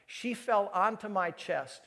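A man preaching in a large hall, his voice carrying a long reverb. He tells his story with animated energy, acting out each exchange, at a slightly higher pitch than most men. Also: slow, gravelly. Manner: animated storyteller who acts out dialogue. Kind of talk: sermon storytelling to a live audience.

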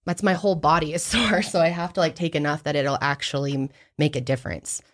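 A woman's voice: sits low, steady tone, fast talker. A woman co-hosting a podcast, chatting casually and saying "like" a lot. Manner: casual, heavy use of "like". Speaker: podcast co-host.

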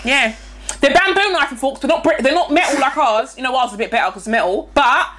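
A woman's voice: sits high, fast talker. A young woman, chatting casually and animatedly on a podcast, mocking and opinionated. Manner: animated, mocking, puts on voices for quotes. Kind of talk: casual chat.

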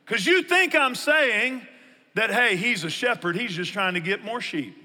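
A man's voice: sits high, animated, a little slow, pushed and bright, in a large hall. A man, a pastor preaching a conversational sermon and acting out his listeners' objections.

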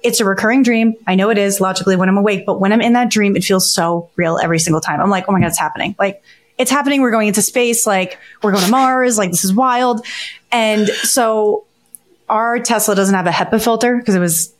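A woman in her thirties co-hosting a podcast, telling a strange dream in a lively, casual way, swearing and laughing as she goes. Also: medium pitch, fairly quick. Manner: animated storyteller, swears freely, laughs while talking. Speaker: podcast co-host.

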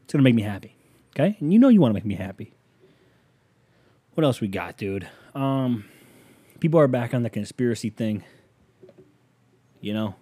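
Man, podcast host, casual rambling monologue, joking, mellow dark tone. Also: mid-range voice, lively intonation, normal speed, long pauses, husky. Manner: rambling, joking, addresses listener directly.

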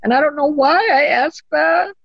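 A woman earnestly telling a personal story as an interview guest, halting with ums and restarts. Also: high-pitched, no echo, lo-fi sound. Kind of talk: conversational storytelling.

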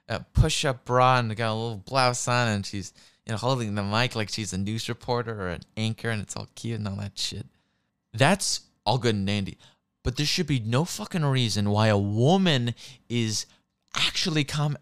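A man's voice: medium pitch, a bit bright, clean tone, no echo, clean studio sound. A man in his twenties delivering a crude, profanity-laden comedic rant, getting worked up as he goes. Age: 20s. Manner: crude, swearing, worked-up ranting.

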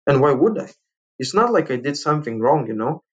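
A man from Lithuania telling a personal story, animated and full of restarts, acting out the people he quotes. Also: fairly high pitch, a little fast, slightly rough, muffled recording. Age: adult father. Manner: animated, acts out quoted voices, frequent restarts. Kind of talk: personal story told to listeners.

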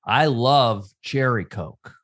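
A man's voice: medium pitch, expressive, takes it slowly, fairly bright tone. A man hosting a casual chat, answering with dry, wry humor.

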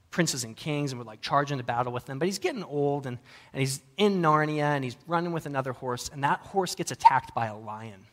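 A pastor giving a sermon in a relaxed, conversational way, telling stories with frequent fillers and self-deprecating humor. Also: male voice, mid-range voice.

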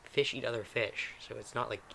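A man serving as game master, narrating with loose, rambling asides and self-mocking jokes. His voice sits at a middling pitch, with faint background noise. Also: fairly quick, creaky, sharp tone. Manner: rambling, self-deprecating, joking. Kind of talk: tabletop game narration and casual chat.

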